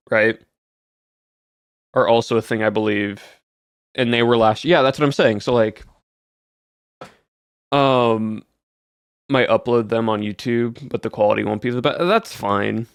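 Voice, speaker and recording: A man with a smooth, medium-pitched voice streams and chats casually with his viewers, rambling, using many fillers and answering chat. The sound is clean studio quality with no room sound.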